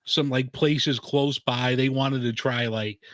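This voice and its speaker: A man hosting a relaxed talk show, spinning loose stories packed with filler and the odd swear word. His voice sits in a middle range and sounds dry and close, with no room around it. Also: mid-range voice, slow, no room sound. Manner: rambling storyteller, heavy on filler "like", swears casually. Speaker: show host. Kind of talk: casual chat.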